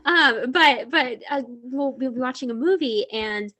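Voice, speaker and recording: Young woman, guest author, animated and chatty, laughs easily. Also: high-pitched, measured pace. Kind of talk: casual interview chat.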